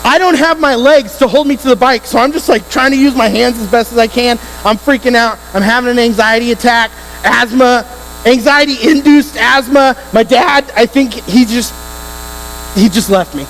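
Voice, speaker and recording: A man preaching to a youth group, telling a story in an animated, emphatic way and speaking straight to the teens. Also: extremely high pitch, normal speed. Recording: hall reverb with faint electrical hum.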